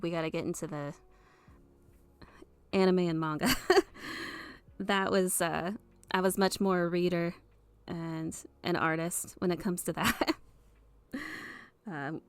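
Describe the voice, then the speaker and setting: A woman in her thirties from the US Midwest, chatting casually on a live stream in a soft, hesitant way with many fillers and giggles. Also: lowish voice, clean tone, no echo.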